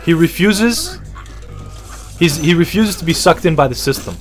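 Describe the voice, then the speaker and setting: A man's voice: fairly high pitch, a little slow, pauses often, faint music behind. Rambling, profane young-sounding man. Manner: rambling, profane and jokey, repeats himself. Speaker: podcast host. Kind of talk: casual comedic podcast chat.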